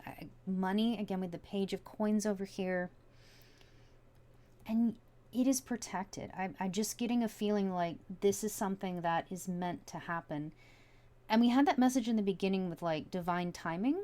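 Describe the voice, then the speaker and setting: A woman's voice: medium pitch, warm tone. A woman giving a casual tarot reading from home, musing aloud as she turns over each card. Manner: chatty, musing aloud with many likes and you-knows. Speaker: tarot reader.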